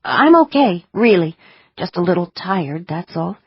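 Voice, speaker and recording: A woman's voice: fairly low pitch, big pitch swings, a little slow, slightly rough, no echo, highs cut off, exaggerated voice. A woman voicing a dazed, tired hotel housekeeper who speaks faintly and hesitantly.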